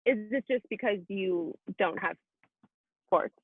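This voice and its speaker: A young woman joins a podcast as a guest, chatting in a wry, casual way. Her voice is husky. It comes through as tinny phone-like call audio, dry and without echo. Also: mid-range voice, slow pace. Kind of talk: casual chat.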